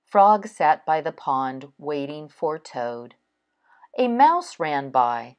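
A woman reads a children's story aloud at a very unhurried pace. Her slightly low voice moves lively up and down in an expressive storytelling manner. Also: dull audio. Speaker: storybook reader.

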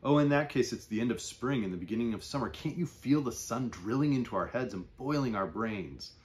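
A man's voice: medium pitch, expressive, brisk, lightly acted. A man reading as Nurtagen, a cautious old villager. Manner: cautious, hesitant answering.

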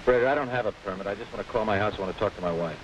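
A man acting a confused, anxious everyday man in a 1950s film, pleading in a rushed way. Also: lowish voice, background noise, lightly acted.

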